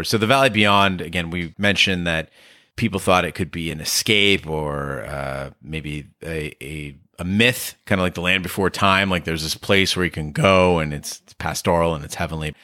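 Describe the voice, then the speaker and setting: A man co-hosting a podcast, talking quickly and emphatically in casual discussion. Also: deep voice, pushed and bright, dry recording, clean studio sound. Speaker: podcast co-host.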